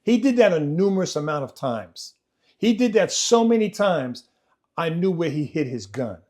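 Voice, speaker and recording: A man telling his own life story on a podcast, swinging between loud, animated moments and quiet, low passages, often repeating himself as he goes. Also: moderate pace. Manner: vivid, repetitive retelling that acts out family members' voices. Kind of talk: personal storytelling in conversation.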